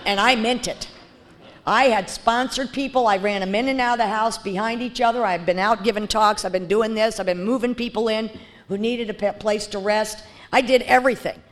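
A woman's voice: medium pitch, steady tone, normal speed. A woman speaking bluntly and candidly as she shares her recovery story, with frequent fillers and restarts. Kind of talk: personal testimony talk.

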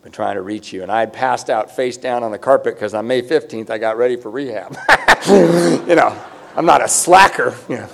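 A man's voice: medium pitch, normal speed, gravelly. A middle-aged man giving a personal recovery testimony at a conference, conversational and self-mocking, now and then raising his voice for emphasis.

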